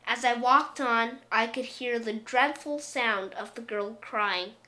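Woman reading a kids book out loud, slow and gentle, bright voice. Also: on the high side. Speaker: storyteller. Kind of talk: reading a children's picture book aloud.

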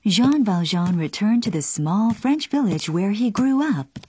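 A woman narrating a children's storybook in an expressive storytelling cadence. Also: medium pitch, a little slow, slight background noise.

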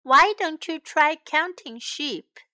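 A woman's voice: sits high, slow, pushed and bright, voice pushed up, full character voice. A woman voicing a sleepy, patient older sister in a children's storybook reading, soothing and sighing.

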